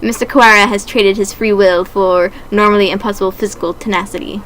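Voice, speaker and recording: A woman playing a smug, sinister doctor, soft and measured. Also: medium pitch, little pitch movement, slight background noise, lightly acted, poor audio. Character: smug, sinister male doctor bird, calm and cold.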